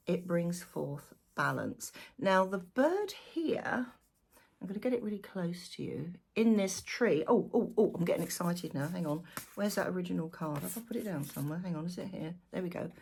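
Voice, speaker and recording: A woman talks through a tarot spread in a loose, chatty way, thinking aloud as she points out details on the cards. Her voice is fairly low, gravelly and a little husky. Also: expressive, normal speed, darkish tone. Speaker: tarot reader. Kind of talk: casual weekly tarot reading.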